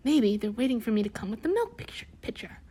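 A woman's voice: on the high side, lively intonation, moderate pace. A woman voicing a frightened little girl lost in a crowded city, with pleading, tearful cries.

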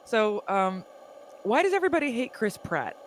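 Woman, high voice, wry casual chat, laughs easily, faint noise behind. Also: sing-song, normal speed. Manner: wry, laughs easily, asks pointed questions.

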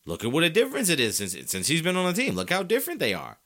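This is a man hosting a solo sports talk show, his voice bright with a forward edge. His pitch swings widely as he makes his case. He leans on rhetorical questions and casual slang, talking straight to his listeners. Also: racing. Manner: animated, argumentative, asks rhetorical questions.

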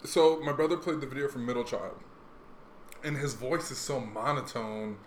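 Young guy rambling on a podcast, lots of likes and ums, roomy echo, bit of hiss. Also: mid-range voice. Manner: rambling, fast and animated, lots of fillers. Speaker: podcast host. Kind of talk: casual chat. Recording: echoey room, faint noise.

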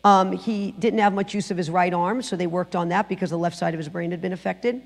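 A middle-aged woman sharing her personal testimony in church, telling the story with lively acted-out quotes. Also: on the low side, brisk, creaky, big-room sound. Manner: animated storytelling, acting out quotes. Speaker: guest speaker giving testimony. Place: church sanctuary.

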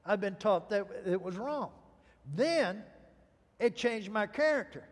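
A man preaching a sermon, telling a personal story with emphatic pauses and dramatic phrasing. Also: high-pitched, expressive, in a large hall. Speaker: pastor.

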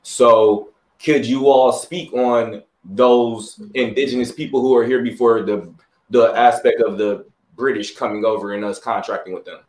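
A male host talks in a laid-back, halting way, breaking into small laughs as he puts a question to his guests. His voice has a middling pitch. The sound is roomy and echoey. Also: fairly even intonation, darkish tone. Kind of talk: casual call-in question.

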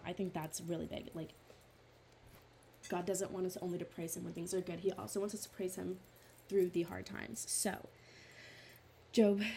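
Young woman, low-pitched and earnest, chatty devotional speaker with a faint hiss behind her. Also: gravelly, warm tone. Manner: earnest, chatty, full of "like" fillers; reads scripture aloud in a steadier voice. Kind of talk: casual Bible study talk.

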